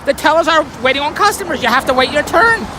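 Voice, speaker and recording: A man's voice: very high-pitched, animated, fast talker, a crowd in the background. A man telling a rambling, wry everyday story in a grumbling, self-amused way, recorded in a car by a busy street. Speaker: vlogger. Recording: noisy street traffic behind.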